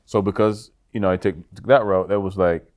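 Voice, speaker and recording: A man with a fairly low voice, talking casually on a podcast. He speaks haltingly, restarts often and repeats his words. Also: fairly even intonation, darkish tone. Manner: halting, repeats words, says yeah a lot. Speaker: podcast co-host. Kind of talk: casual chat.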